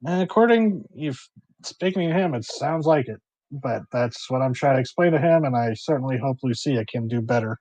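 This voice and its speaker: Man, game master, tabletop game, casual, stop-start, mid-pitched, dry room. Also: lively intonation, moderate pace, a little mellow, no echo.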